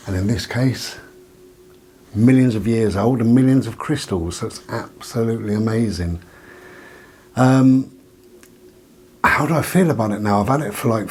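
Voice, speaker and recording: Husky-voiced man musing softly. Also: fairly low pitch. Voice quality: rambling, hesitant, full of ums. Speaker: vlogger. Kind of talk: casual reflective monologue. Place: living room of his bungalow.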